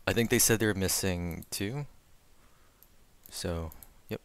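Low-voiced man commanding a game squad. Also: takes it slowly, smooth, no echo. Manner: relaxed, directive, with frequent fillers. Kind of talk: casual voice chat giving instructions.

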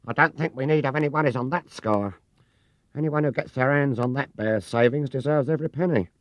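A man voicing a brisk, no-nonsense elderly housekeeper woman in a dry, matter-of-fact way. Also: mid-range voice, no room sound, voice pushed up, lightly acted. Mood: wry. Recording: muffled 1970s cassette recording.

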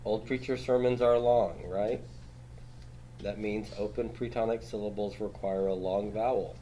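A man with a somewhat low voice lectures a class, walking through grammar rules step by step. He keeps checking in with his students and patiently quizzes them as he goes. A faint hiss sits under the classroom recording. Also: fairly even intonation, unhurried, dark tone. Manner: quizzes students, tags statements with "right?". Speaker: Hebrew grammar teacher.

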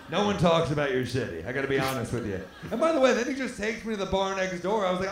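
A male comedian telling a stand-up story on stage in a club, animated and laughing through his own lines. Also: high-pitched, quick pace. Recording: echoey comedy club with faint noise.

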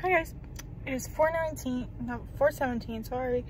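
A woman's voice: high-pitched, normal speed, a little hiss or hum, low-quality recording. A young adult woman chatting casually in her daily vlog, giggly and rambling with lots of fillers, filming herself from her car and then at home. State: out of breath. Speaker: vlogger.

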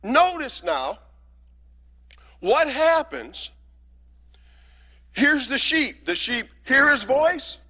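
A man's voice: extremely high pitch, big pitch swings, extremely slow, pauses often. A man teaching a Bible study lesson as a deacon, earnest and emphatic, asking rhetorical questions. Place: church hall. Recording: reverberant lo-fi church hall recording.

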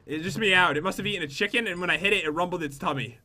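A young man co-hosting a gameplay video, playful and teasing, trading excitable remarks with his partner. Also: high-pitched, racing. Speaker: gaming co-host. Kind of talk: casual gameplay commentary.

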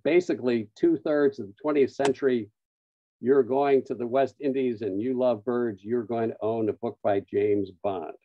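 A man presenting a webinar, telling an anecdote-filled story with frequent "uh" pauses. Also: mid-range voice, background noise. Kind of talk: storytelling talk. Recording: dull lo-fi online audio, dry.

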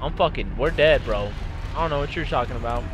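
A young man giving casual, profane, excitable commentary while playing a war shooter, shouting at the game. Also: mid-range voice, quick pace. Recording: loud gunfire from the game over the voice.

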